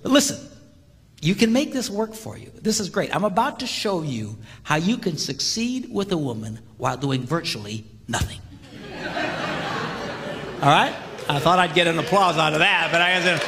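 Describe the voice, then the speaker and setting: A man giving a comedic marriage seminar to a live audience, with punchy delivery and shouted sound effects, recorded in a large reverberant hall. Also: a little high, expressive, moderate pace, pauses often, a faint crowd. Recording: reverberant hall with background noise.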